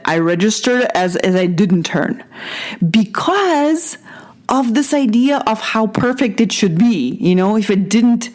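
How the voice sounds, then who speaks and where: A woman's voice: mid-range voice, darkish tone. A woman in her thirties from Russia, hosting a solo podcast and telling a personal story in a chatty, self-correcting way. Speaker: podcast host.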